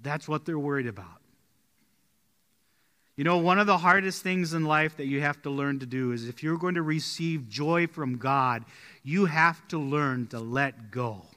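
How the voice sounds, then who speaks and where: A male pastor preaching in a church sanctuary with a very bright, ringing tone and a fairly high voice. He tells stories and falls quiet and slow on his main points. The sanctuary adds a long, trailing reverb. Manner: storytelling, drops quiet and slow on key points. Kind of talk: sermon.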